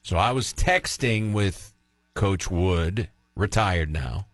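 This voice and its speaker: Sports radio host, man, low voice, dry studio sound, chatty and opinionated. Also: lively intonation, takes it slowly, a bit bright, dry recording, faint music behind. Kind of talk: casual sports radio talk.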